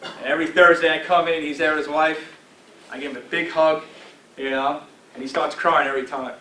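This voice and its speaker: A man's voice: on the high side, fairly even intonation, brisk, bright, forceful tone, recorded from a distance, a little hiss or hum. A man in his forties giving a motivational talk to a football team in a coaching tone, checking in often with "all right?". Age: 40s. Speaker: guest speaker addressing a football team. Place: team meeting room. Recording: roomy echo from afar with faint ambience.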